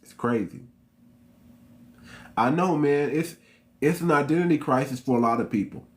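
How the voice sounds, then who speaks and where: A man's voice: fairly high pitch, normal speed. A man from the United States hosting his channel, talking straight to his viewers in an emphatic, slangy commentary that repeats its points. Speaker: channel host. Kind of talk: unscripted commentary monologue.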